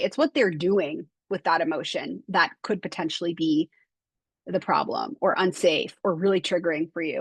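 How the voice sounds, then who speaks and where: A young woman, an occupational therapist, giving a relaxed online talk to parents, full of fillers like "like" and "kind of". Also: lowish voice, husky, no echo. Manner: conversational, many fillers like "like" and "kind of".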